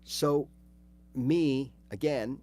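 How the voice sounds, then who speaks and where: A man hosting a casual livestream guitar lesson, chatty and animated, acting out little scenes as he talks. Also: medium pitch, extremely slow. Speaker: guitar teacher.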